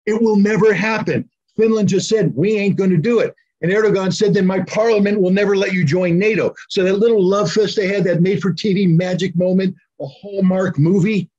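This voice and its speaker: Blunt, sarcastic American man, husky. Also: high-pitched, darkish tone. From United States. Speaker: military commentator. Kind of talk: opinionated political commentary. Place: at home. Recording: dull lo-fi recording.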